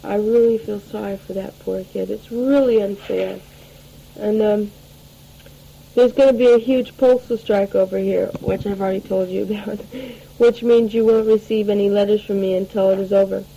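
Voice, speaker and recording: Woman, late teens, chatty and rambling, lots of ums, dark soft tone. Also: medium pitch, fairly even intonation, moderate pace, creaky, slight background noise, poor audio. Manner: rambling and chatty, with many fillers and restarts. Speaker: letter writer. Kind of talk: spoken audio letter to family.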